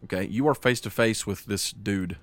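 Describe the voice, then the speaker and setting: A man with a fairly low voice runs a tabletop game as game master, narrating scenes vividly and descriptively while making quick rules calls for rolls. There's no room sound.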